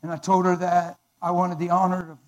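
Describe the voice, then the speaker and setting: A man preaching in church, telling his own testimony with dramatic swings from loud exclamations to hushed words. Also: high voice, monotone, fairly quick, dull audio. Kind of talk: emotional testimony sermon.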